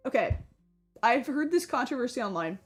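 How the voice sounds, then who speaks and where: A young woman chatting casually to her live-stream viewers while she plays, talking excitedly and sometimes getting loud when surprised. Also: a little high, moderate pace, husky, soft background music. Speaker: gaming streamer.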